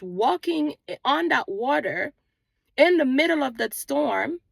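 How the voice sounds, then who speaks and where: A woman's voice: sits high, vocal fry, no room sound. A woman host giving an earnest spiritual motivational talk, with an accent she mentions herself and a repetitive, preaching rhythm, recorded outdoors on a walk. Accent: non-native English accent, origin unstated. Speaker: manifestation channel host.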